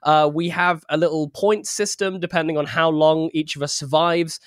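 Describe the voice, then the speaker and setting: A man's voice: fairly high pitch, no echo, clean studio sound. A man hosting a podcast and running a tabletop game as dungeon master, chatting casually and laughing often. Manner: laughing, playful, rambling.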